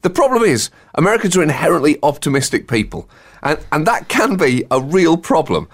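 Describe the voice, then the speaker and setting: Sardonic man with a lively voice. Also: a little high, a little fast. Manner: sardonic, laughs at his own jokes. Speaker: comedy podcast co-host. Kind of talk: satirical comedy monologue.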